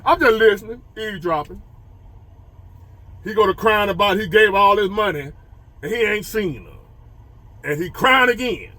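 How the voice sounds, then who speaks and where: High, lively man telling a story. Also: measured pace, pauses often, no echo. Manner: animated, preachy, repeats phrases for emphasis. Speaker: motivational storyteller. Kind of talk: storytelling and life advice to men.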